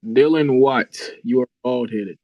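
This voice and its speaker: A man's voice: medium pitch, measured pace, highs cut off, a little hiss or hum. A man co-commentating on a live stream, joking around and roasting the others in casual banter.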